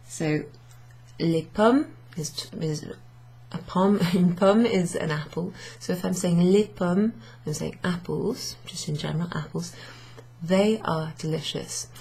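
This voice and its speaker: A woman's voice: on the low side, creaky, a little mellow, breathy edge. A British woman teaching a beginners' French class, explaining step by step with patience. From Britain. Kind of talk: classroom lesson. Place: room in a pub.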